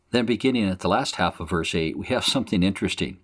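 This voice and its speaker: Speaking fast, a man with a low-pitched, fairly bright voice walks through a Bible passage verse by verse. He keeps the explanation plain and conversational and acts out the quotes.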